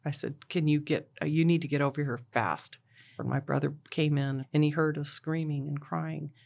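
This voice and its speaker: A middle-aged woman, a bereaved mother, retelling a personal story in a halting way, with many fillers and "and he goes". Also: sits low, steady tone, creaky, a little mellow.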